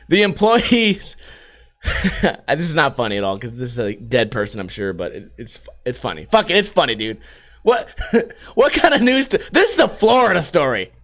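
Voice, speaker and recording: A man with a high, bright voice hosts a casual news-commentary podcast. He jokes and curses freely as he goes, and breaks into laughter often. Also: big pitch swings, normal speed. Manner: profane and joking, laughs often. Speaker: podcast host.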